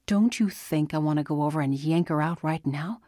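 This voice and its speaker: A woman's voice: low-pitched, a little fast, mellow, no echo, studio quality, close to an everyday voice. Woman doing a weary, stern father. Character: weary father of several kids.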